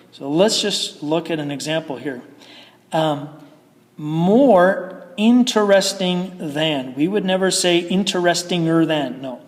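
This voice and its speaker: Man, grammar lesson, slow explaining, lingering reverb. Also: a little high. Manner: slow, patient explaining with fillers. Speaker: English grammar teacher.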